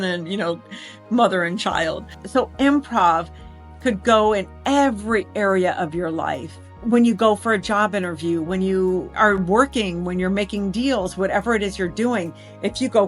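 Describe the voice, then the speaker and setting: A middle-aged woman giving a motivational talk as an improv teacher, telling lively stories and acting out dialogue. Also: mid-range voice, unhurried, faint music behind. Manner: lively storytelling, acts out dialogue. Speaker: improv teacher and life coach.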